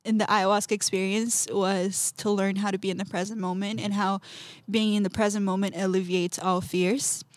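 A woman, a podcast guest, telling a personal story in an animated way, acting out quotes and laughing often. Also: mid-range voice, moderate pace, few pauses, no echo.

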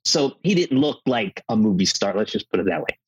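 A man in his fifties, an actor, chatting casually and telling animated stories. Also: fairly low pitch, brisk, husky, dry recording, lo-fi sound. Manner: animated storyteller, acts out quotes. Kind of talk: casual chat.

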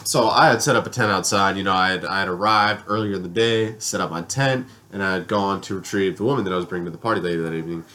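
A man's voice: deep voice, quick pace, few pauses, pushed and bright. A young man on a podcast, telling a long party story with lots of swearing and fillers. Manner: rambling, profane, filler-heavy storytelling. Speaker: podcast co-host. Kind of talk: casual storytelling chat.

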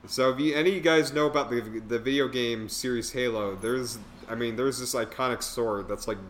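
A man's voice: mid-range voice, brisk, a little hiss or hum. A man casually reviewing a bad film on a podcast, rambling with lots of fillers and laughs. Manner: rambling, filler-heavy, laughs at own jokes. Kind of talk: casual chat.

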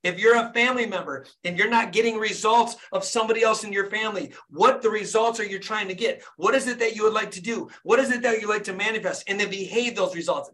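A man's voice: high voice, fairly bright tone. A fired-up young man, a dentist, hosting a group video call and urging listeners on with repetitive, preachy motivation.

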